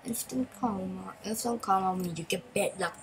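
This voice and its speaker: A woman hosting a gaming channel, giving chatty, excitable gameplay commentary in broken English and repeating phrases. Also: mid-range voice, moderate pace, slight background noise, rough recording.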